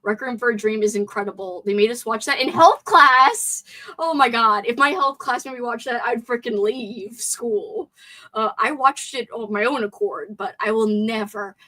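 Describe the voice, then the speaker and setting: A woman hosting a casual live stream movie chat with a sore throat. She is chatty and excitable, and reads viewer comments aloud. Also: on the high side, moderate pace, rough recording.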